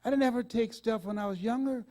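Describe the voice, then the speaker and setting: A man in his sixties giving a live motivational speech on stage, animated and laughing often as he talks to the audience. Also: extremely high pitch, fast. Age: 60s. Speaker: motivational speaker.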